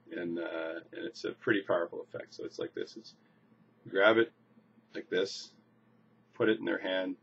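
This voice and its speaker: A low-pitched man walks through a coin trick in a relaxed, informal way, often repeating words as he demonstrates. The recording is a bit muffled, with a faint background hiss. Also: vocal fry. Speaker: magician teaching a coin trick. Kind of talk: casual demonstration tutorial. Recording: slightly dull lo-fi recording with faint noise.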